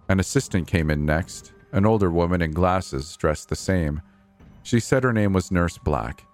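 A man reading a first-person story in a steady, earnest way. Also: low voice. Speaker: narrator.

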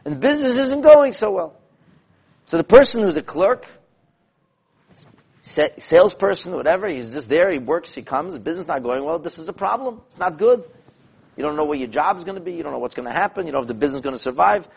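A man who is a rabbi teaching a class, telling stories in an animated, emphatic way and repeating phrases to drive points home. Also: fairly high pitch, quick pace, creaky, husky. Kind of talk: lecture with storytelling.

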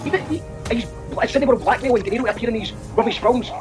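A man's voice: very high-pitched, racing, over music, low-quality recording. A man making a comic complaint call, exasperated and ranting, repeating himself. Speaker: caller.

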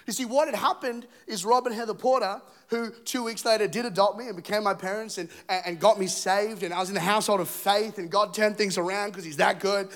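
A man from England in his thirties preaches from a church stage. His voice sits high, and he tells his story with animated humor, acting out each scene. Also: brisk, few pauses.

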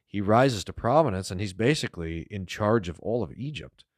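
Low-voiced pastor retelling scripture. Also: male voice, animated, moderate pace, no echo, clean studio sound. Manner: storytelling, reads scripture aloud with rising emphasis. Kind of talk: Bible teaching podcast.

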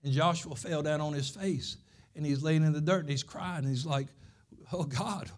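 A pastor preaching a sermon, telling stories and driving points home with repeated phrases. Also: male voice, on the high side, steady tone, a little fast.

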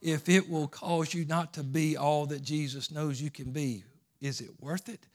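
Preaching man with a lively, rising voice. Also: measured pace. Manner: swings from shouting peaks to low asides, with repetitions. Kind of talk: sermon.

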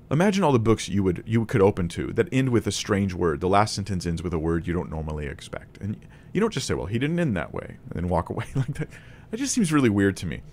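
Speaking to camera in a low-pitched, slightly mellow voice, a man gives a relaxed Bible lesson, thinking out loud with restarts and small laughs. A faint hiss or hum sits under the recording.

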